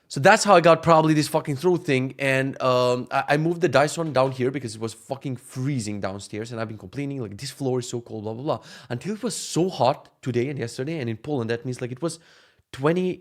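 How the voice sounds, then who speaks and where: A young man chatting casually in a rambling, profane, joking vlog, with a sore throat. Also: mid-range voice. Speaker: vlogger. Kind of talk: casual chat.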